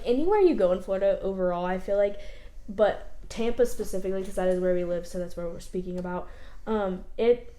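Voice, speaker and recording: A woman's voice: medium pitch, warm tone. Chatty young woman in a roomy space. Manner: chatty, emphatic, hesitant fillers. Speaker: YouTube co-host. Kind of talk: casual chat. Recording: roomy echo.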